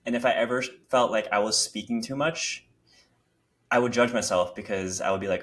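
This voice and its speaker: Young man, lowish voice, podcast guest, reflective, searching for words, casual talk. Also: brisk, a bit bright. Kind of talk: casual heartfelt conversation.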